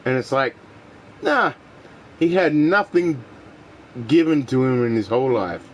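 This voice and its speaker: A man's voice: medium pitch, animated, unhurried, a little hiss or hum. A man from Australia with an Australian accent, ranting profanely and opinionated while playing a game. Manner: profane, opinionated, mocking voices in quotes. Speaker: gaming streamer. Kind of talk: rambling casual rant while gaming.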